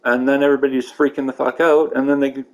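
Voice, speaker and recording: A man's voice: mid-range voice, flat delivery, fast talker, poor audio. A man giving casual, profane commentary while playing a baseball video game, ranting and getting heated over calls.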